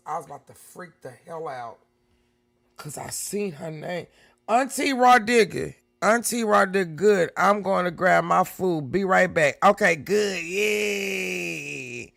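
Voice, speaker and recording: A woman hosting a live reaction stream, talking casually and breaking into loud, excited exclamations. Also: fairly low pitch, vocal fry.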